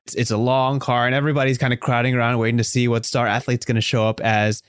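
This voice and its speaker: A man hosting a podcast, improvising a story aloud in an animated way with frequent restarts. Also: medium pitch, fast, clean tone, dry recording, studio quality. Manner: animated, with many restarts and fillers. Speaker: podcast host.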